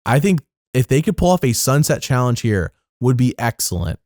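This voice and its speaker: A man's voice: sing-song, moderate pace, darkish tone, no echo. Young adult male co-host, rambling recap chatter, mid-range voice, dry close mic. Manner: chatty, rambling, jumps up in pitch for emphasis. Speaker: podcast co-host. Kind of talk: casual recap chat.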